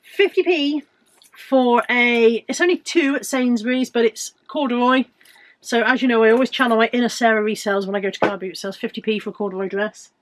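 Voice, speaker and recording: A woman in her fifties with a British accent, chatting casually and joking at her own expense as she shows off her finds. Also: a little high. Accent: British English. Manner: chatty, self-mocking humour. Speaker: reseller vlogger. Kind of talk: casual chat.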